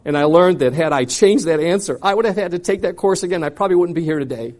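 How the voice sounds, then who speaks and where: A man telling a personal story in a sermon, dramatic and animated, acting out scenes with frequent asides. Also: a little high, quick pace.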